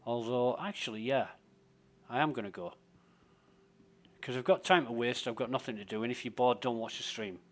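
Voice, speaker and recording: A man's voice: mid-range voice, moderate pace, a bit bright. Profane, rambling man streaming a game. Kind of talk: casual live-stream commentary.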